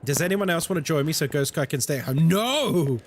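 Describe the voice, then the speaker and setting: A young man streaming a horror game, chatting with his viewers in a jokey, animated way. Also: fairly high pitch, quick pace, background noise. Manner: animated and chatty, reads chat aloud, jokey asides. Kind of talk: casual live-stream chat while gaming.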